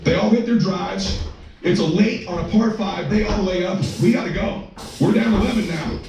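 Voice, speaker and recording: A man telling a personal story as a father, emotional and breathless, swearing and breaking into shouts. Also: sits high, expressive, brisk. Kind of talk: animated storytelling to an audience. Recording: echoey room from far off with music.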